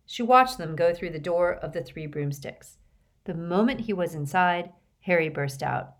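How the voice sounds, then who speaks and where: A woman reads an audiobook aloud. Her fairly low voice moves lively up and down, with varied phrasing. It is a clean storytelling delivery. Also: normal speed. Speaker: audiobook narrator. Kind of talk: audiobook reading.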